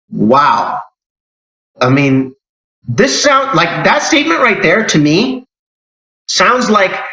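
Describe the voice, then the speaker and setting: A church elder teaches a Bible lesson as an informal, conversational sermon, his fairly high, sharp voice marked by emphatic rises and restarts. The sound is dull and lo-fi, echoing around a church hall.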